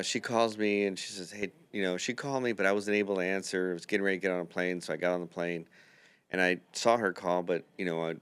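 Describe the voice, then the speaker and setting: Low smooth man telling a story. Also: dry recording. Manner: rambling anecdotal storytelling with quoted dialogue. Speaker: podcast host, dental builder. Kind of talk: casual storytelling chat.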